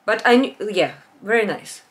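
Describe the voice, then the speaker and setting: A woman, chatting casually in a home vlog, rambling with restarts and letting her voice trail off low and quiet. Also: lively intonation, moderate pace. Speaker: beauty vlogger. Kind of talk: casual perfume haul chat. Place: home, natural light.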